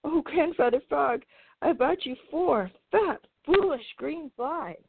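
A woman's voice: high-pitched, animated, slow pace, creaky, no room sound, pitched above the performer's own voice, heavily acted. A woman voicing a timid, eager little male meadow mouse who speaks politely and breathlessly. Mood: pleading. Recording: tinny phone-like sound.

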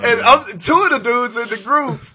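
A man co-hosting a casual podcast chat, telling stories with a joking, animated delivery. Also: very high-pitched, moderate pace. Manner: joking, animated storytelling with quoted voices. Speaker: podcast co-host.

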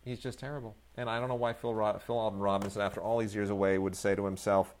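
A middle-aged man chatting about movies on a review show, his voice sitting fairly low. He rambles, restarts his sentences and fills gaps with ums, then flares up in animated outbursts. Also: fast, few pauses, slight background noise. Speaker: film reviewer, co-host. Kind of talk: casual film review chat.

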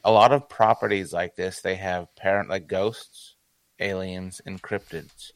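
A man's voice: low voice, steady tone, unhurried, dry recording. A man hosting a podcast, asking his guests curious questions. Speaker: host. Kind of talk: podcast interview.

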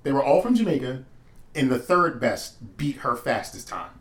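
A man in casual chat, telling stories in an animated way with profane slang. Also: medium pitch, normal speed.

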